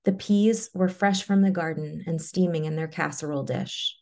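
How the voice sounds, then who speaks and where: A woman reading a personal story aloud in a measured, low-key way, then presenting to an audience. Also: gravelly, warm tone. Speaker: webinar presenter.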